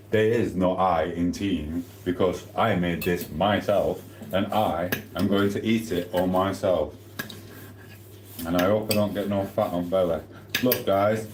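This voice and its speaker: A man's voice: sits low, noisy background. Chatty man, echoey room. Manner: chatty, reads out viewer comments while eating. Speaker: livestreamer. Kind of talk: casual live-stream chat.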